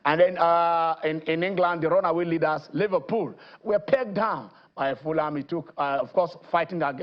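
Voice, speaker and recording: A man from Nigeria hosting a TV sports show, lively and rambling, with lots of fillers and restarts. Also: fairly high pitch, highs cut off. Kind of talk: TV sports show chat and interview. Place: TV studio.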